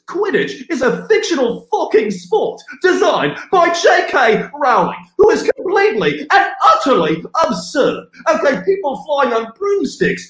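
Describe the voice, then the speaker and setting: A man impersonating an incredulous, furious ranter who shouts at a high pitch and swears. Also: full character voice. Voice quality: shrill, shouting. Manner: incredulous, profane ranting. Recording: roomy echo.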